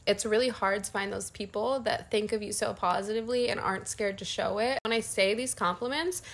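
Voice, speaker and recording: A woman's voice: medium pitch, fairly even intonation. A woman co-hosting a casual podcast, chatting in a playful, teasing way. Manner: playful and teasing, quick to laugh. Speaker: podcast co-host. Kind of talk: casual chat. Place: in a bed at home.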